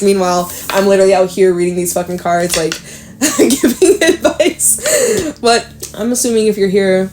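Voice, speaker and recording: A woman's voice: on the low side, slight background noise. Chatty, swearing woman reading tarot. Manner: chatty, swears freely, laughs often; upbeat and encouraging. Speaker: tarot reader. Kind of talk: casual tarot reading to camera.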